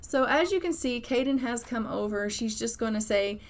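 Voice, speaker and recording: A woman's voice: on the high side, expressive, moderate pace, a crowd in the background. A woman casually narrating her life-sim gameplay in a chatty, giggly, rambling way. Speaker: gaming channel host. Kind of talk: casual let's-play narration.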